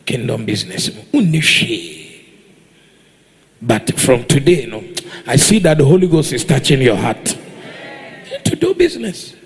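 A man's voice: medium pitch, very animated, unhurried. A man with a Ghanaian accent preaching a sermon in a church, exhorting the congregation and demanding they answer back. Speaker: pastor.

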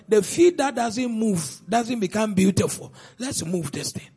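A man preaching a sermon as pastor, with pointed rhetorical questions and sudden loud outbursts. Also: high-pitched, expressive, a little slow, hardly any pauses, husky, soft background music.

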